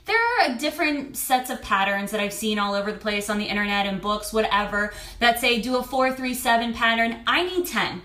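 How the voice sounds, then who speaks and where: A woman's voice: fairly high pitch, brisk, few pauses, bright, forceful tone, reverberant. A woman in her thirties, a fertility and lifestyle coach, talking candidly and expressively to camera and swearing now and then. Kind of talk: casual talk to camera.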